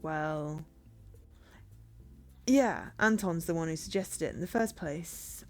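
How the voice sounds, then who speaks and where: A woman's voice: deep voice, slow, darkish tone, faint music behind. A woman voicing a tired young male band leader who sounds weary and defensive.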